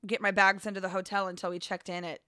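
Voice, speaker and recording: Podcast woman, bright crisp voice, dry jokey asides, swears a bit, close dry mic. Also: mid-range voice, little pitch movement, fast talker, dry recording. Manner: wry, joking asides, swearing. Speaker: podcast co-host. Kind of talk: casual chat.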